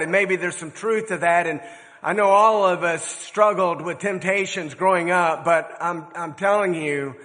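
An older man delivers a sermon with a fairly high, bright voice. He tells stories earnestly, leaning on words for emphasis. The sound rings out in a large hall with a long echo. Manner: earnest storytelling preacher with measured, emphatic phrasing. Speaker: preacher.

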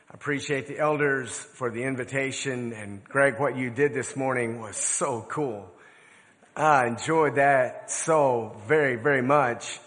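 A man in his sixties preaching a sermon, telling stories in an earnest, measured way with emphatic phrasing. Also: mid-range voice, a bit bright. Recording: long reverb of a large hall.

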